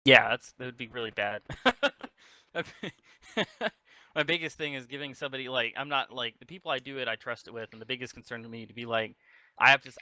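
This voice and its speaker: A man's voice: medium pitch, sharp tone, dry recording, poor audio. A man leading an online community meeting in a casual, rambling way, full of restarts and fillers, over a voice chat mic. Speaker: community leader running a meeting. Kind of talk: casual online town hall talk.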